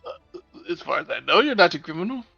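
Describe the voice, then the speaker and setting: A man's voice: high voice, big pitch swings, quick pace, gravelly, pushed and bright, no room sound, muffled recording, soft background music. A man playing a tabletop game, joking and chatting casually. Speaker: player.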